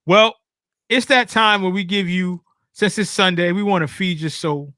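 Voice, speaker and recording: A male podcast host runs the show with upbeat, announcer-like energy. His voice is very bright and slightly high. The sound is dry and close. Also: normal speed, dry recording. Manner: upbeat, announcer-like wrap-ups. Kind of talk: casual podcast chat.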